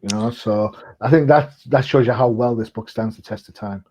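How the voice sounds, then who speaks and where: A man's voice: medium pitch, normal speed, mellow, highs cut off. A man, co-hosting a casual comic book chat show, talkative and jokey with frequent ums. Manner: chatty, jokey, lots of ums. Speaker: comic podcast co-host.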